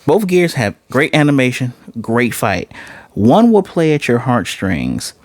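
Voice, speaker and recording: A man casually recapping and reviewing an anime episode, excitable and animated, often jumping into high-pitched voices to retell scenes. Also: unhurried, no room sound. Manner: excitable, laughing reactions, restarts.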